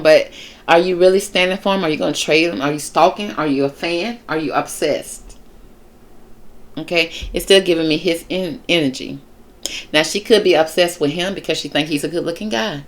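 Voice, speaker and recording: A woman host giving a casual, chatty tarot reading, talking straight to her viewers in a sassy way. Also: low voice. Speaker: tarot reader and show host.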